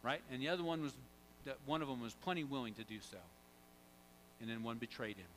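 A pastor preaching a sermon, animated, swinging from loud to hushed and quizzing the congregation. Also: male voice, medium pitch, fast talker, a little hiss or hum, rough recording.

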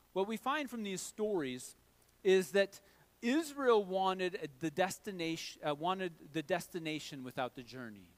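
A man's voice: high voice, a bit bright. A middle-aged man preaching a sermon in a conversational way, often checking in with "all right?". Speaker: pastor.

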